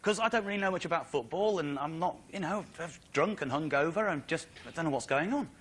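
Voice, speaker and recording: An English comedian tells a rambling story on stage, animated and comically exasperated. His voice is fairly high and bright, with a forceful edge. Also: fast talker, husky. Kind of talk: stand-up storytelling to a studio audience.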